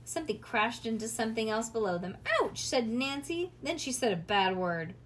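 A woman reading a children's storybook aloud in a casual, lively way with small slips. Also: fairly high pitch, moderate pace, slight background noise. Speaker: reader.

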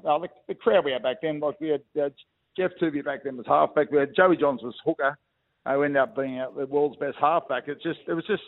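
This middle-aged Australian, formerly a rugby league player, rings in to a radio program for a casual, matey chat full of memories, calling people "mate". His voice is gravelly and sits on the high side, and the call comes through tinny.

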